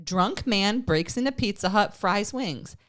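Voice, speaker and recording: A woman's voice: medium pitch, animated, a little slow, a bit bright. A woman co-hosting a casual podcast, cold reading strange news stories and breaking into laughter. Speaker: podcast co-host.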